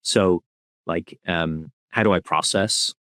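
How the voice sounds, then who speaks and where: Soft-spoken, very deep-voiced man. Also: slow, dry recording. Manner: soft-spoken, reflective, candid. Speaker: podcast guest, father. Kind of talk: reflective conversational interview.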